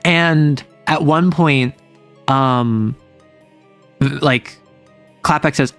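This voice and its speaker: A man's voice: on the high side, very slow, long pauses, a bit bright, soft background music. A man streaming as a game master, casually and animatedly retelling a tabletop game session in a rambling way.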